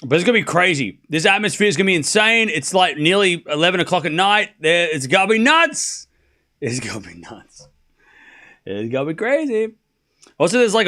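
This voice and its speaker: Young guy hosting a tennis stream, hyped and chatty, bright punchy voice. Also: fairly high pitch. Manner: excitable, chatty, talks to the chat. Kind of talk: casual live-stream chat.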